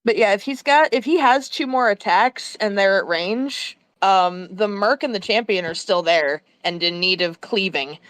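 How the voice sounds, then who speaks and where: A woman's voice: mid-range voice, moderate pace, hardly any pauses, fairly bright tone, dry recording. A woman with a mid-range voice chats casually as a tabletop player, asking lots of questions about the game. Her voice is recorded dry and close, with no room sound. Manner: conversational, questioning.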